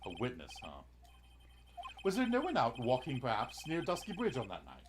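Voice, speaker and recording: A man's voice: medium pitch, huge pitch swings, fairly quick, background noise. A man co-hosting a game playthrough, reading the dialogue aloud in a dramatic voice and breaking off into goofy asides. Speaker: let's-play co-host. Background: game music.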